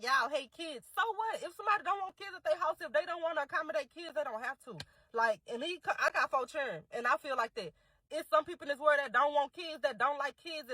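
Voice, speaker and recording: A woman's voice: high voice, bright, forceful tone, no echo, poor audio. A young woman giving blunt, exasperated commentary full of slang. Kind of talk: casual reaction commentary.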